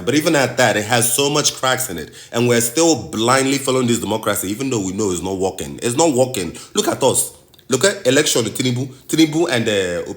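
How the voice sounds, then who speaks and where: A Nigerian man delivers a passionate commentary with a bright, forceful tone. His pitch swings widely as he repeats phrases and presses each point like a sermon. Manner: impassioned, rhetorical, preachy, repeats phrases for emphasis. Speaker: host.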